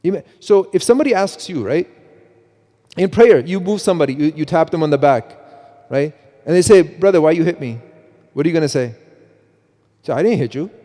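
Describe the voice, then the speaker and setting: A middle-aged man giving a mosque talk on parenting, animated, with many restarts and repeats, often quoting himself. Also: fairly high pitch, a little fast, long pauses. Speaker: preacher. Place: mosque hall. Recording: long hall reverb.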